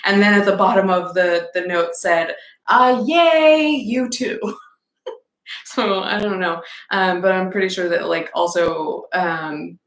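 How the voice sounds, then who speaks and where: A woman's voice: fairly low pitch, flat delivery, normal speed, few pauses. A young adult woman hosting a casual podcast livestream, chatting in a rambling way and reading out viewer comments. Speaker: podcast host. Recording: echoey room with faint background noise.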